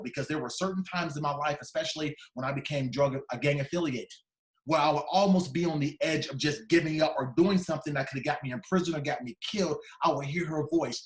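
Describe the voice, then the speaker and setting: Man telling a story in a roomy hall. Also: on the high side. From Dayton, Ohio, USA. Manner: emphatic, repetitive, building phrases. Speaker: keynote speaker. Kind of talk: motivational storytelling speech. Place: large conference hall.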